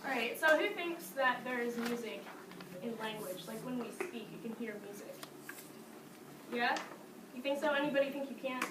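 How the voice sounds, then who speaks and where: Female music teacher, bright classroom energy, higher voice, distant noisy echoey recording. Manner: lively, sing-song demonstrations with frequent laughs. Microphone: distant camera mic.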